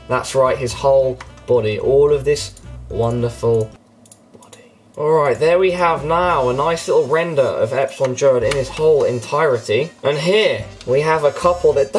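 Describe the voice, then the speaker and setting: A man's voice: a little high, rough recording. A man giving playful, teasing commentary while editing photos for a comedy video. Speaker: YouTuber. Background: background music.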